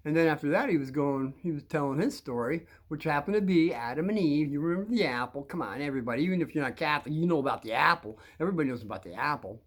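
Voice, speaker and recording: An older man telling a rambling personal story, halting with many restarts and chuckles. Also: on the high side, animated.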